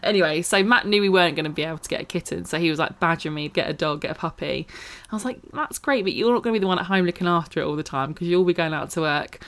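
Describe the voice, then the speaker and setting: A woman's voice: lowish voice, racing, hardly any pauses, fairly bright tone. A woman co-hosting a podcast, chatting casually and telling stories with frequent laughter. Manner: chatty, storytelling, laughs often. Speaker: podcast co-host.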